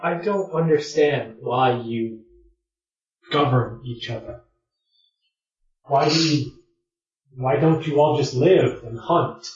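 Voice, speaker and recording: A man voicing a giant roc that speaks bluntly in short, halting phrases. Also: mid-range voice, natural voice. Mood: puzzled. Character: giant roc, blunt, brooding, newly resentful. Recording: roomy, distant, lo-fi mic.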